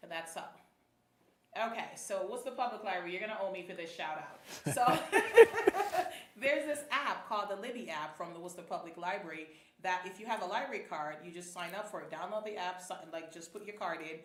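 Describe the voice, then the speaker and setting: Lively woman host in an echoey room. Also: fast talker, hardly any pauses. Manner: animated, laughs often, jumps into high-pitched exclamations. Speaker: podcast host. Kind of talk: casual interview chat.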